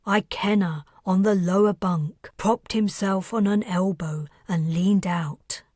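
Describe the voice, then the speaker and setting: A woman reads her science fiction audiobook at an unhurried pace, her voice husky and breathy. The sound is dry and close, with no room around it. She reads with tension, pushing to near-shouts when the scene turns frantic and sinking to a whisper when it goes quiet. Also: mid-range voice, fairly even intonation, no room sound. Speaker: audiobook narrator, the author. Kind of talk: scripted audiobook narration.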